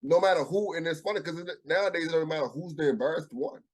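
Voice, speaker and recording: A man's voice: fairly high pitch, quick pace, slightly rough. A man co-hosting a casual podcast chat, thinking aloud and reflecting with frequent restarts. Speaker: podcast co-host.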